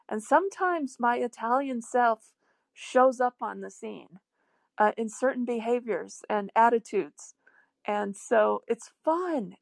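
A middle-aged woman hosts a devotional show from her phone, telling stories in an earnest, sometimes slow and emphatic way. Her voice sits a little high and has a gravelly edge. The sound is close and dry. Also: dry recording. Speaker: host. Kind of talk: devotional talk show on a live audio app.

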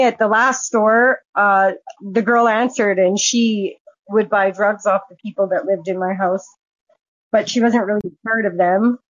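A woman's voice: mid-range voice, no room sound. A woman recounting a personal story as a guest, speaking frankly and swearing freely. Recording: dull, dry lo-fi sound.

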